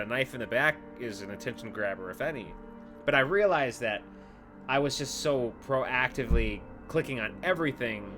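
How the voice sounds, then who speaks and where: A young man telling stories while playing a game, animated and swearing freely, with loud exclamations. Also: mid-range voice. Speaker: gaming video host.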